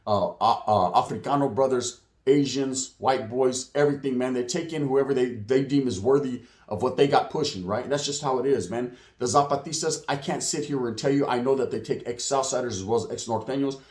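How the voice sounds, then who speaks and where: A man hosting a casual street news monologue, slangy and streetwise, with a slightly hoarse voice. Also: mid-range voice, fairly quick, few pauses, a little mellow. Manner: streetwise, slang-heavy, acts out quotes in put-on voices. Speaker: channel host, street news commentator. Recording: roomy echo.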